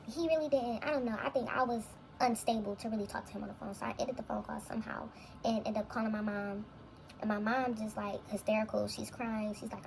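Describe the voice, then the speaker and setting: A woman's voice: a little high, steady tone, fairly quick, gravelly, a little mellow, slight background noise, rough recording. A young woman, a vlogger, telling a long personal story in a casual, rambling, reflective way full of fillers. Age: young adult.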